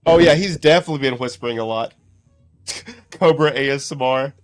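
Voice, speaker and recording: A man's voice: medium pitch, normal speed, soft background music. A man casually commenting on clips during a live stream, reading out chat names and laughing often. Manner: chatty, laughs often, greets chat by name.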